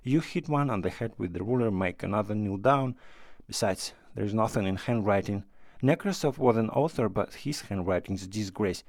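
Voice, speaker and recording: A man playing a bragging young schoolteacher, smug and a little awkward. The voice is gravelly and dry, read close to the mic. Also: fairly low pitch, brisk, a little mellow, no room sound, close to an everyday voice. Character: boastful awkward young male writing master.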